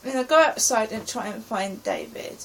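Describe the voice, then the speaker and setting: A middle-aged Englishwoman vlogs an anxious, rambling present-tense account of her day like a personal diary. Her voice runs on the high side with huge pitch swings at a moderate pace, and the low-quality recording carries slight background noise.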